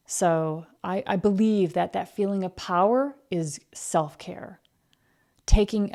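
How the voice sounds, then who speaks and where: A woman's voice: mid-range voice, slow, darkish tone. A woman hosting a podcast, giving a blunt, emphatic motivational talk about excuses and being busy. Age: adult, married. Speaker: podcast host.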